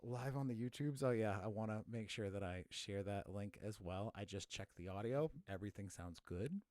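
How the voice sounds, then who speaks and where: A man's voice: fairly low pitch, moderate pace, darkish tone, dry recording, clean studio sound. A young man hosting a live podcast from home, chatting casually in a rambling way with lots of fillers. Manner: laid-back, rambling, many fillers. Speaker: podcast host.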